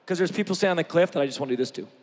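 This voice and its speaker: A man preaching an energetic sermon, joking with the crowd and swinging from shouts to near-quiet. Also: fairly high pitch, racing, slight background noise. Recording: long hall reverb.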